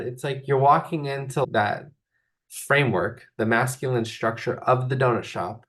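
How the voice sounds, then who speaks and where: A man talking casually about spirituality and relationships. He rambles freely, full of fillers, with an easy, middle-pitched voice that goes where his thoughts lead. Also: normal speed. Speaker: spiritual coach and host. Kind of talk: casual livestream talk.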